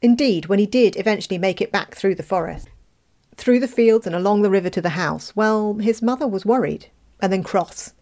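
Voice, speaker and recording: A woman reading a fairy tale aloud, expressive, with playful asides. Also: medium pitch, brisk. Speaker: storyteller.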